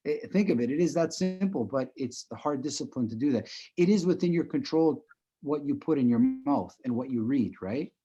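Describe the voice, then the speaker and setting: A male breathing instructor leads a live online class over a video call, his mid-range voice lively in intonation, moderate in pace, and missing its high frequencies. He talks conversationally, chuckling as he explains and frequently checking in with "right?"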